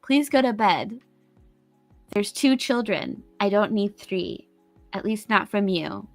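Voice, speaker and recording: A woman's voice: medium pitch, lively intonation, slow pace, no echo, faint music behind. A woman playing a weary, firm mother. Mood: exasperated. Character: weary mother telling her husband to sleep.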